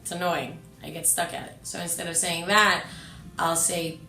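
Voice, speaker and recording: A woman's voice: on the low side, moderate pace. A woman who stutters, chatting casually and with emphasis as a co-host. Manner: stutters, restarts words; animated, emphatic. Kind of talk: casual chat. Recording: echoey room with faint music.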